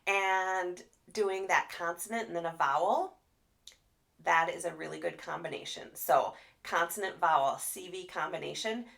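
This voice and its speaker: A woman speech therapist giving a live training talk, animated and expressive as she demonstrates sounds. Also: lowish voice, creaky.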